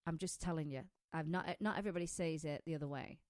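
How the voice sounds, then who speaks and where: Woman, low-pitched, casual talk-show host, dry recording, rambling, laughs easily. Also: fast, no echo. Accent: non-American, says it is her own. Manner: chatty, laughs often, wanders off topic. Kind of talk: casual chat.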